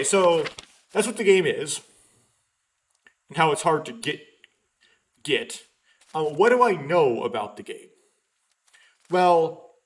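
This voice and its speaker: A young man with a somewhat high voice talks his way through a let's play in a loose, rambling way. He stops and corrects himself often, with frequent ums between thoughts. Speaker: let's player. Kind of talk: casual gameplay commentary.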